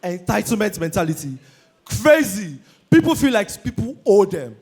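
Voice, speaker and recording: A young Nigerian man doing a high-energy stand-up comedy routine on stage, shouting his punchlines and slipping into Pidgin. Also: big pitch swings, moderate pace, breathy edge. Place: live comedy stage before an audience.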